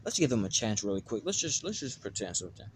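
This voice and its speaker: A man's voice: medium pitch, big pitch swings, fast talker, a little hiss or hum, lightly acted. A man voicing a cocky young ninja hero. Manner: cocky, taunting. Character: brash overpowered young male ninja.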